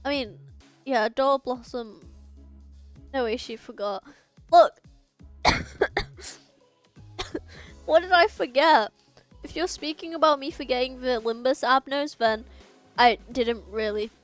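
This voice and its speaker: High-voiced excitable woman streamer. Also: measured pace, long pauses, faint music behind. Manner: excitable, swears freely, restarts often. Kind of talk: casual game stream commentary.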